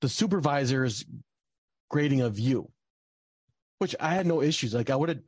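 A man's voice: medium pitch, animated, normal speed, husky, no room sound. A young man telling a personal story in casual talk, rambling with lots of fillers and restarts.

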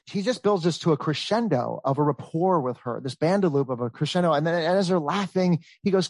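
A man in his thirties telling a long family story in casual chat, rambling and animated, with many fillers. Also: on the high side, fairly quick, few pauses, no echo. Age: 30s. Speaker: storyteller guest.

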